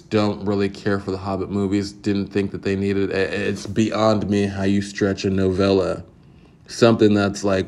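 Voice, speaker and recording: A man hosting a podcast, ranting casually in a profane, exasperated, rambling way. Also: on the low side. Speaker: podcast host. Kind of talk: casual opinion rant.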